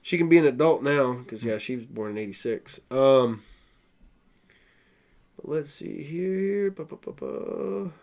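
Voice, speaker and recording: A man with a mid-range, a little mellow voice co-hosts a casual podcast, his intonation lively and his pace a little slow with frequent pauses. He talks loosely, full of fillers and restarts.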